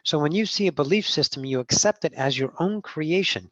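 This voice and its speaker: A trans woman channeling spiritual teachings in a meeting, blunt and profane, swinging from low murmurs to loud outbursts. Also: lively intonation, normal speed, no echo. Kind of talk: channeling session talk. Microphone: video call. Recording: dull, dry video call audio.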